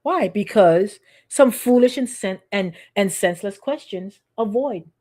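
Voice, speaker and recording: A woman's voice: mid-range voice, expressive, measured pace, darkish tone. A woman pastor giving a sermon in a conversational, repetitive, playfully sarcastic way.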